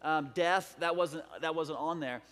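A man's voice: a little high, steady tone, a little slow, fairly bright tone. A man playing an unflappable young counselor who talks in an offhand, joking way. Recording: long hall reverb.

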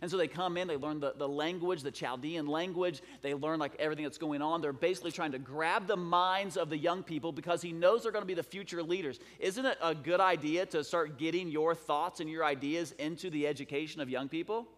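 A man's voice: fairly high pitch, a little fast, few pauses, a bit bright. A man preaching a sermon in a conversational, storytelling way. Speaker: pastor. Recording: long hall reverb.

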